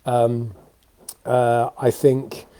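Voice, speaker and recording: A man in his thirties, worn out and talking off the cuff to a live audience from his home. His voice sits at an everyday middle pitch and sounds dry and close, with no room around it. He wanders through thoughts with plenty of ums and restarts. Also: completely flat delivery, drawn-out words, mellow, dry recording. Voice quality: tired, rambling with many fillers and restarts. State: exhausted. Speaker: host of a weekly live show. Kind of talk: unscripted live-stream chat. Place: home, indoors. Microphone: webcam or computer mic for a live video.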